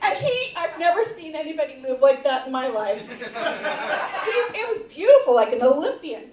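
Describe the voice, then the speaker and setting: High woman's voice, stand-up comic in her fifties, candid storytelling, roomy theater sound from afar. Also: very animated, normal speed, far from the mic, crowd noise. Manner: candid, builds to shouted reenactments. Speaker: stand-up comedian. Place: comedy theater stage. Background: audience laughter.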